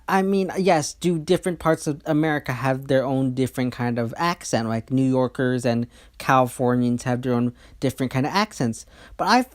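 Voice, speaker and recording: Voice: medium pitch, a little mellow. Chatty host breaking down a trailer. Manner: chatty and opinionated, often restarting sentences. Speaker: YouTube channel host. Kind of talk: casual trailer breakdown commentary.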